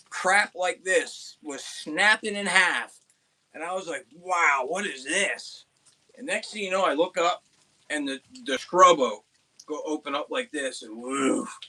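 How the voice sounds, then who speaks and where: A young man from Pennsylvania tells a hunting story in a loose, casual way. He rambles, restarts his sentences and gets animated at the exciting parts. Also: on the high side. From Pennsylvania, USA. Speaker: outdoors channel host.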